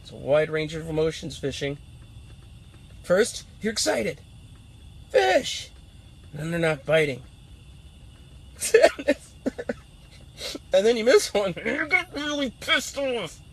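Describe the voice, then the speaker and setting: A man's voice: high-pitched, sing-song, normal speed, vocal fry. A man doing playful live commentary while ice fishing outdoors on a frozen pond, teasing the fish as he talks.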